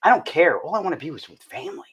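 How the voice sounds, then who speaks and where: Male talk host, lively swooping delivery, joking, tripping over words. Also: on the high side, very fast, husky. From northern United States. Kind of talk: casual chat.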